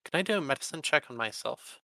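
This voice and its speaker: Gravelly, bright-voiced man at play. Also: medium pitch, expressive, fast, dry recording, low-quality recording. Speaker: tabletop game player. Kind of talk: in-character play and narration.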